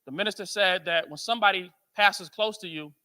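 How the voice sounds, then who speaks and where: An American man speaking at a men's conference, telling stories to a live audience in an animated, joking way and asking the crowd questions. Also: high voice, brisk. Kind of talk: storytelling talk to a live audience.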